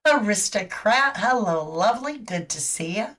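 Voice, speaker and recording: A woman hosts a casual live tarot reading and chats openly with her audience as she lays out her theories. Her voice has a middling pitch and sits a little distant from the microphone. She keeps hiccuping through the session. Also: animated, normal speed. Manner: chatty, warm toward viewers, speculative. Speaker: host and tarot reader.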